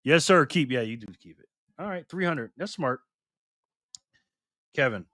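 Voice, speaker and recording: Male streamer host, slightly high pitch, playful and teasing, dry close mic. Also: animated, normal speed, a bit bright, no echo. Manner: playful, teasing, laughs often. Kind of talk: casual live stream chat reading viewer comments.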